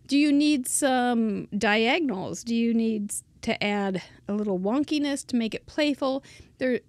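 Middle-aged woman, friendly craft tutor, rambling and thinking aloud; higher voice, dry close mic. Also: darkish tone, no room sound. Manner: chatty, rambling, thinks aloud while working. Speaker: card-making instructor.

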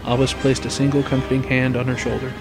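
A man narrating a fan story, rambling casually in his asides, his voice going hoarse. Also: medium pitch, level tone, fast, music in the background. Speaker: storyteller, fan fiction reader.

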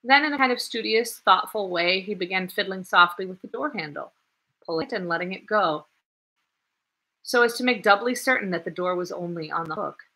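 Woman, audiobook reader, scripted novel narration, measured, husky, bright. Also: mid-range voice, expressive.

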